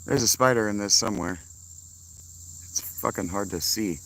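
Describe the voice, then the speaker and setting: A man's voice: on the low side, measured pace, fairly bright tone. Profane rambling man streaming outdoors. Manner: rambling, profane, greets chat viewers. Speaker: live streamer. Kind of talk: casual live-stream chat. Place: outdoors at a tent campsite.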